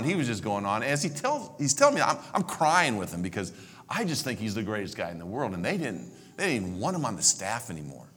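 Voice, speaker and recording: An older man in his sixties delivers a sermon as a personal story, his voice sitting a little low. He speaks with heartfelt sincerity, restarting and repeating phrases when moved. At times he drops to a soft, hushed near-whisper. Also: huge pitch swings, fast, breathy edge. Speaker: pastor.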